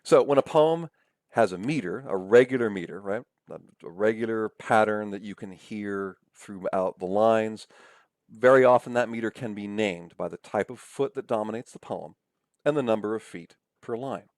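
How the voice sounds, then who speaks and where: A man's voice: lowish voice, normal speed, a little mellow, no echo, studio quality. A man lecturing over slides in a conversational way, often checking in with "right?" and "okay?".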